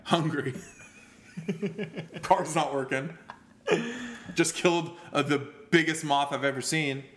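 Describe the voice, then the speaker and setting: A man's voice: fairly high pitch, fairly even intonation, takes it slowly, a bit bright, a little hiss or hum. A young man in loose, profane, joking banter as a podcast co-host. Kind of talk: casual chat. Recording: echoey room with faint ambience.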